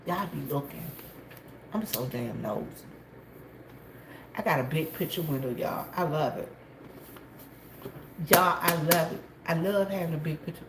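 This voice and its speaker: A woman chatting casually to her viewers from a gas station store, gossipy and quick to laugh. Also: deep voice. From South Carolina, USA. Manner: chatty and gossipy, laughs often, calls out loudly to coworkers. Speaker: vlogger. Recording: echoey room, faint background noise.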